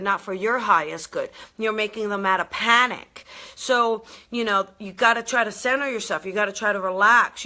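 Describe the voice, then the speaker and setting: A woman hosting a live motivational talk, bubbly and animated, laughing often and answering viewer comments as she goes. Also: on the high side. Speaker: intuitive coach and live show host. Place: live video stream.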